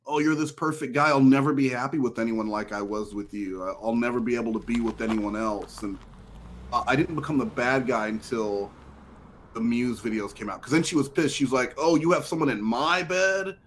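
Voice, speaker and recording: A man tells a long personal story in relaxed podcast chat. His voice sits in a middle pitch, and he gets animated whenever he quotes someone. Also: brisk, slight background noise. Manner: storytelling, animated when quoting an ex. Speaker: podcast guest. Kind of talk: casual chat.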